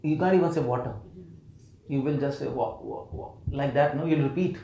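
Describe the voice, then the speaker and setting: A man's voice: fairly high pitch, a little fast, mellow, a little hiss or hum. A man, preaching a scripture lecture and questioning a live audience, playfully repeating words for emphasis. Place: temple hall. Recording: roomy hall echo.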